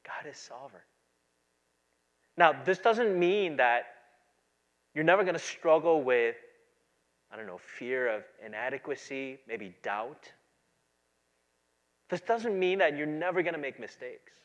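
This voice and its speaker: A man with a high voice preaches in a church, keeping it conversational and checking in with the congregation. He acts out quoted lines as he goes. The sound is a little dull and lo-fi. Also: lively intonation, measured pace, pauses often. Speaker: pastor. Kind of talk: sermon.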